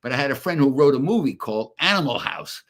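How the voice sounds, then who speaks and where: A man's voice: medium pitch, animated, fast talker, fairly bright tone. A man in his eighties, an actor guest on a radio show, telling a story and acting out both sides of the dialogue. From Brooklyn and Connecticut. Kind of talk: anecdotal storytelling.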